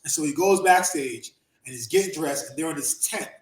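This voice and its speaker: A man hosting a podcast, telling profane, animated stories, laughing often and acting out the people he quotes. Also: a little high, fairly quick. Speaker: podcast host and former wrestler. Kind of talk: casual storytelling chat. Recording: roomy echo.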